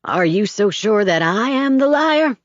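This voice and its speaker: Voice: mid-range voice, big pitch swings, unhurried, no room sound. A woman voicing a charismatic preacher father who speaks in a rousing, preacherly way, on a slightly dull recording. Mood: preachy.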